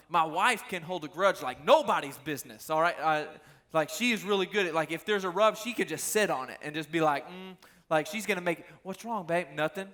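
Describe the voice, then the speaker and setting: Bright-voiced man preaching to youth. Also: on the high side. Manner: animated storytelling, talks straight to the crowd. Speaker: youth pastor. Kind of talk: casual youth sermon.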